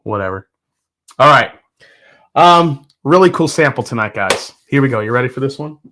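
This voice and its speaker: A man's voice: mid-range voice, expressive, moderate pace, bright, forceful tone, slight background noise. A man hosting a casual livestream, chatting enthusiastically, reading viewer comments and thinking aloud. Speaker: host of a whiskey tasting livestream.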